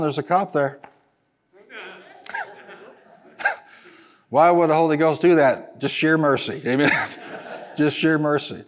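Preaching man with a raised pitch. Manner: calls for congregation responses, storytelling with laughter. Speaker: pastor. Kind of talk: sermon.

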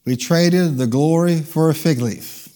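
A man's voice: fairly high pitch, measured pace, dark tone. A man preaching a sermon, leading the congregation in call-and-response and changing his pace for emphasis. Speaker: pastor. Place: church.

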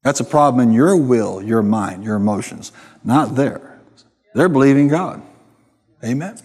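A man's voice: mid-range voice, animated, unhurried, a little mellow, husky, long reverb tail. A man preaching a sermon, emphatic, often calling on the congregation to answer. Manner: emphatic, calls for responses from the congregation.

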